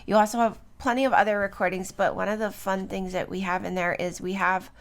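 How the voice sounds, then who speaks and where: This middle-aged woman runs a solo herb podcast from home in the early morning. She speaks at a medium pitch with little pitch movement and a brisk pace, rambling in a loose, chatty way full of fillers and small tag questions.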